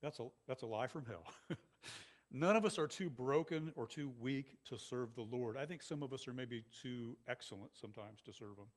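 A male pastor giving a sermon in a conversational, animated style with many asides to the congregation. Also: mid-range voice, normal speed.

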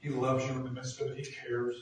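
A man's voice: mid-range voice, completely flat delivery, brisk, slight background noise. Earnest male pastor preaching in an echoey hall. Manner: earnest, builds to emphatic peaks. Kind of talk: sermon. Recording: echoey room from far off.

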